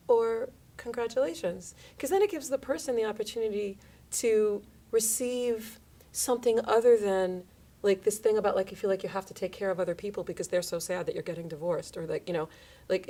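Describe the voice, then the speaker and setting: Radio host, woman in her thirties or forties, chatty and animated, pitching up and down to act out quoted lines. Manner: animated, acts out quoted lines in shifting voices. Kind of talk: casual radio chat.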